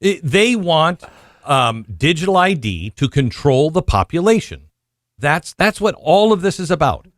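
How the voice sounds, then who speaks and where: A man's voice: a little high, sing-song, unhurried, no echo, studio quality. A man hosting a podcast, giving opinionated commentary and hammering his points with repeated phrases. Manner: emphatic, repeats phrases for punch. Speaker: podcast host.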